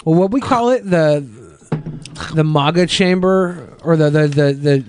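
A man's voice: fairly high pitch, measured pace, a little mellow, a little hiss or hum. A man co-hosting a podcast in casual chat, opinionated and full of "like" fillers. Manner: opinionated, filler-heavy, lots of "like". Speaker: podcast co-host.

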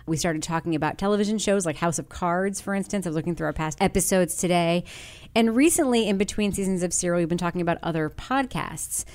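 A woman's voice: lowish voice, fast talker, darkish tone. A woman hosting a podcast of crime writers, chatting and reading listener mail aloud, often laughing. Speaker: podcast host. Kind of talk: casual podcast chat.

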